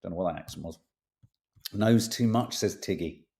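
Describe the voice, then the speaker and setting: A man's voice: low-pitched, moderate pace, vocal fry, a little mellow. A man hosting a casual podcast, reading tabloid stories aloud with playful emphasis and jokey asides, swearing now and then.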